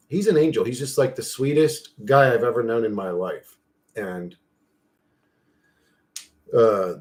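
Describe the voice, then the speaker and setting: Rambling, foul-mouthed guy chatting casually. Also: mid-range voice. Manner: loose, profane, talks to himself while clicking through an image generator. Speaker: channel host.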